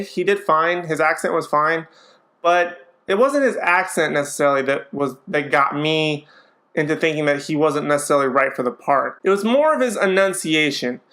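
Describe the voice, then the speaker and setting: A man's voice: on the high side, fairly bright tone. A man giving a casual, opinionated movie review, chatty and hedging with frequent ums.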